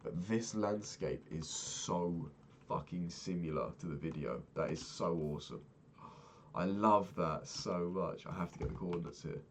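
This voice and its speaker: A young man chatting casually while playing a game, rambling and swearing, sounding low and sad. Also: unhurried, a little hiss or hum. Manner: swears often, rambling and candid. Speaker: Minecraft vlogger.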